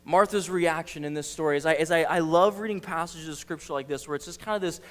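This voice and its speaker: A man's voice: a little high, fast, big-room sound. A man who is a youth ministry director, preaching a casual, chatty sermon in a church and acting out the story. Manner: chatty, animated, full of filler words. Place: church sanctuary.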